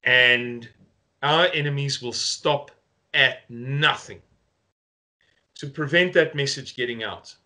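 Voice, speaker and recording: A man's voice: mid-range voice, slow pace, pauses often, pushed and bright. A man with a South African accent giving an earnest, rallying video update to his supporters as a movement spokesman.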